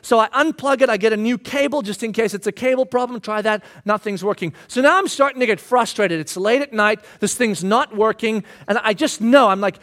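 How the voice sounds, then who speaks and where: In a sermon, this thirtysomething pastor pokes fun at himself through a personal story, bursting into shouts as he re-enacts his actions. His voice sits high and moves a little fast.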